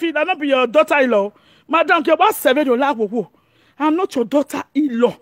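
A Nigerian woman from Edo giving an animated monologue as an online commentator, excitable and often shouting and laughing. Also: high voice, moderate pace, no room sound, clean studio sound.

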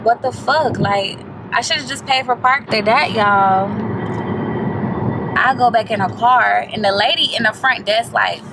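A woman vlogger telling a story to the camera in a casual, animated way, swearing freely and calling her viewers y'all. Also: fairly high pitch, a little slow, background noise. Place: inside a parked car.

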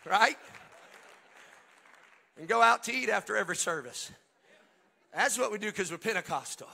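A man preaching a Pentecostal sermon at a church service. He swings between quiet joking asides to the congregation and shouted, sing-song preaching. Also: high-pitched, animated, normal speed, vocal fry, slightly rough, a faint crowd. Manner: humorous and talks directly to the congregation.

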